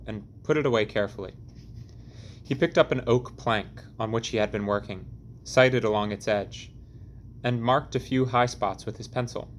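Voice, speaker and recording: A man narrating an audiobook chapter in a measured, deliberate reading. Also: mid-range voice, expressive, fairly bright tone, a little hiss or hum. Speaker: audiobook reader.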